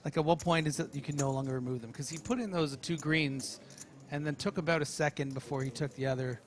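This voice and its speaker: A man's voice: fairly high pitch, fairly even intonation, fast talker, slight background noise. A man commentating a live poker stream, chatty and often laughing.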